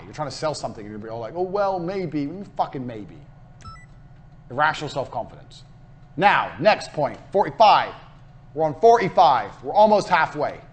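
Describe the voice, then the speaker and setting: A young British man giving a blunt, swearing motivational business lecture, acting out sales conversations along the way. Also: medium pitch. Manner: brash, blunt and swearing, acts out sales dialogues. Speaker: business course speaker. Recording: faint background noise, played in a game server.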